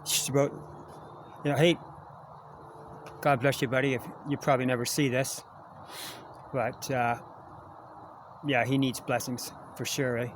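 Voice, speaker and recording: A Canadian vlogger rambles and jokes while filming himself in the woods on a camera held at arm's length, chatting and coaxing animals closer. His voice is mid-range and level, his pace measured with frequent pauses. Outdoor noise and nearby wildlife fill the background.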